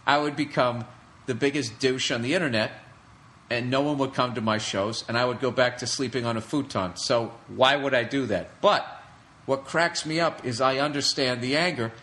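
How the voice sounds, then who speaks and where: Man, podcast host, solo comedic rant, sarcastic, profane, sharp bright tone. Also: mid-range voice.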